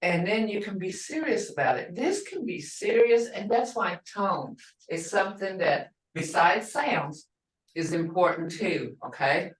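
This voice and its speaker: An older woman teaching a language class, who speaks slowly and patiently and repeats each word so her students can hear its tone. She is heard from some way off the mic, in a room with a noticeable echo. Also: on the low side, expressive. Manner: patient, repeats words to model tones. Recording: roomy, distant from the mic.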